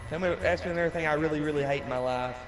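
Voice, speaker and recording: A man's voice: on the high side, steady tone, very fast, soft background music. A young man chatting casually with friends while gaming, telling rambling stories with plenty of fillers. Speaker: gamer in party chat.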